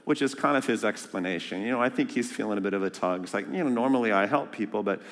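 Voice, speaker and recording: A man preaching a sermon as a guest speaker, lively and joking, asking the congregation questions. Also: on the low side, fast, in a large hall. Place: church sanctuary.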